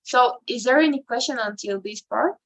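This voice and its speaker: A woman's voice: fairly high pitch, normal speed, fairly bright tone, low-quality recording. A woman teaches an English grammar class. She keeps checking in with a questioning "right?" and sometimes switches into to explain. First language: Spanish. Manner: mixes in Spanish, ends phrases with "right?".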